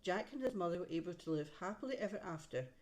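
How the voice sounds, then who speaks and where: A woman reads a picture book aloud to a child in a low voice. She stops now and then to point out the pictures on the page. The reading is gentle and easy to follow. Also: animated, fast talker. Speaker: reader to a child. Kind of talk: storybook read-aloud.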